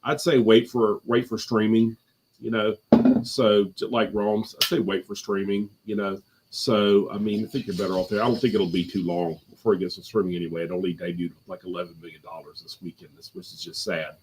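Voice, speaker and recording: A man's voice: on the low side, steady tone, fairly quick, darkish tone, slight background noise. A man chatting casually as a guest on a live movie review stream from home, rambling with lots of fillers and restarts.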